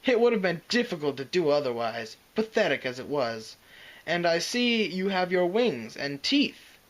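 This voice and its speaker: A man's voice: a little high, big pitch swings, normal speed, voice pushed up, poor audio. A man voicing a huge, scornful male green dragon who mocks and snarls. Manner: mocking, snarling, growling.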